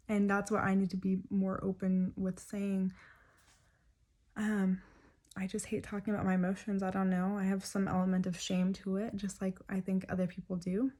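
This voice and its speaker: A young woman speaking softly and hesitantly to camera, sharing a personal story with many pauses and fillers. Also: medium pitch, monotone. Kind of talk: personal confessional talk to camera.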